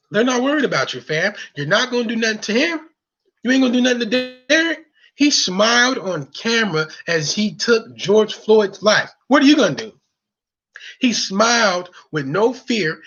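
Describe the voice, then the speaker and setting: A man's voice: sits high, big pitch swings, normal speed, fairly bright tone, slightly rough. A man delivering an angry, repetitive monologue in a heated, preaching manner. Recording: dull lo-fi recording.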